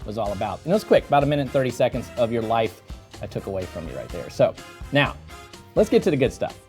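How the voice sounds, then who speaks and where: A man's voice: medium pitch, very animated, quick pace, a little mellow. Jokey man hosting with faint music behind. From Florida. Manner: jokey, self-deprecating, laughs often. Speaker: host. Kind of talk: casual interview show hosting. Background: faint background music.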